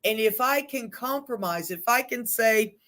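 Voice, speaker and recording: A woman leading a group session on stress, talking frankly and in a lively way, with blunt asides. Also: fairly high pitch, measured pace. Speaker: group facilitator.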